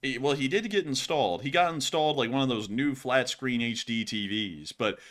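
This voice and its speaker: A young man with a Southern accent talks through viewer questions in an easygoing, rambling way, doubling back on his words. His voice is bright and carries forward. He sounds like a casual show co-host from Alabama. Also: mid-range voice, normal speed. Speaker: co-host of a war news show. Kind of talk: casual chat answering viewer donations.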